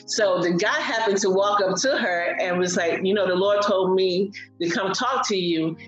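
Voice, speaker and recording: A woman telling a personal faith testimony in a casual, animated way on a broadcast. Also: medium pitch, moderate pace, reverberant, dull audio, faint music behind. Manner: animated storyteller, laughs and cries while recalling. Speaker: guest sharing testimony.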